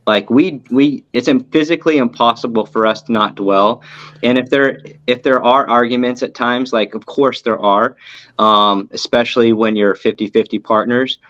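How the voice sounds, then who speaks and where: A man, a business co-founder, giving measured, reflective advice in a casual interview. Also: mid-range voice, fairly bright tone, no echo, muffled recording.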